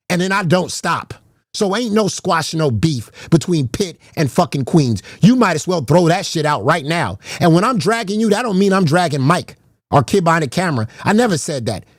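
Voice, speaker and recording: A man's voice: a little high, very animated, normal speed, dry recording, clean studio sound. A man streaming a heated, profane rant, confrontational and repeating himself as he calls out rivals. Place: garage.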